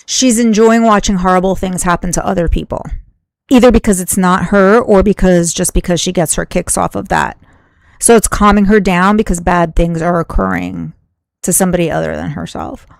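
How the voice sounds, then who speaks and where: A woman's voice: on the low side, fairly even intonation, normal speed, vocal fry, no echo. Woman doing commentary, casual and musing, lots of "like", dry close mic. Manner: musing, thinks aloud with many "like"s. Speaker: commentary host.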